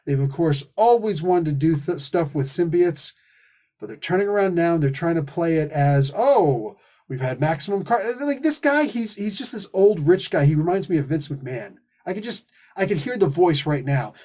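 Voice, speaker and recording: A man's voice: a little high, expressive, moderate pace, darkish tone. Enthusiastic, rambling male reviewer. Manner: enthusiastic, rambling, casually profane. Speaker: comic book reviewer and host. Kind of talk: casual spoken review.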